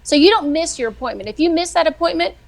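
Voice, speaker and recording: A middle-aged woman, a weekly guest who writes devotionals, telling faith stories in a chatty, animated way. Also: very high-pitched, fast, vocal fry. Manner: chatty, animated, acts out quoted voices. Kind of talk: casual faith storytelling on a live show.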